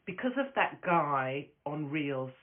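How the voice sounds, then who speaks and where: A woman's voice: low voice, expressive, slow pace, noisy background. A woman hosting a casual live stream from her phone, brash and profane, rambling from story to story and laughing often. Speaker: host of a live stream, stand-up comic. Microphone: phone camera. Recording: tinny phone-quality audio.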